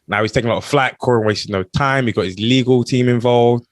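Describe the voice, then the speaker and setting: A man co-hosting a casual podcast, trading jokes and laughing often. His voice sits at an ordinary pitch and sounds dry and close to the mic, with no room around it. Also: brisk, no echo. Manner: jokey, laughs often, puts on mock voices. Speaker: podcast co-host.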